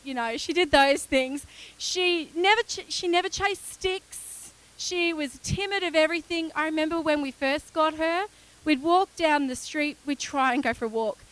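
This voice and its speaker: Woman, sermon, very high voice, earnest, emphatic repetition. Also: fairly bright tone, low-quality recording. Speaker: preacher.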